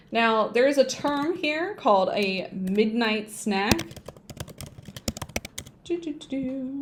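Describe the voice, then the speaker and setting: A woman's voice: mid-range voice, background noise. A woman teaching an English speaking-test lesson on a livestream, thinking aloud and humming to herself as she types. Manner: hums and sings to herself while typing.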